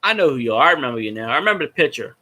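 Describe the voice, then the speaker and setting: A man's voice: mid-range voice, sing-song, rapid-fire, sharp tone. A man, a fan vlogger rambling and swearing as he chats with viewers on a casual livestream. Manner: rambling, profane, talks to viewers in chat.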